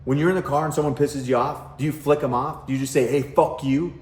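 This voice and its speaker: A man's voice: mid-range voice, fairly even intonation, quick pace, roomy sound. A middle-aged man, a parenting coach, talking bluntly to camera at home with lots of swearing and rhetorical questions. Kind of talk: casual direct-to-camera talk. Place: at home, kitchen nearby.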